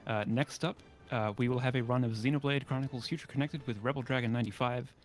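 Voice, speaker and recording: A man with a mid-range voice hosts a gaming marathon stream. He speaks in a relaxed, casual way, with occasional fillers as he thanks the runner and introduces the next run. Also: mid-range voice, fast. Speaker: marathon host. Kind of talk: event hosting.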